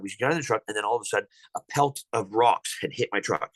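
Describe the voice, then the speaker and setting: Podcast guest, male, rapid and rambling storyteller with frequent restarts. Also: fairly low pitch, a bit bright, no echo, poor audio. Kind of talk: telling a personal encounter story.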